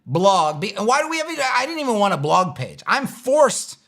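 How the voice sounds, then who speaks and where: A man hosts a live web design Q&A from his chair, rambling through answers with wry exasperation. His voice sits high and carries a gravelly, bright edge. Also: very animated, normal speed. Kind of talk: casual live-stream Q&A. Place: home studio, seated in a chair.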